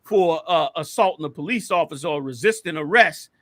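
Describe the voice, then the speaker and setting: A man's voice: fairly high pitch, expressive, fairly quick, fairly bright tone, dry recording. A man hosting an online show, giving heated, emphatic commentary over video clips and repeating his points like a preacher. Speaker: host.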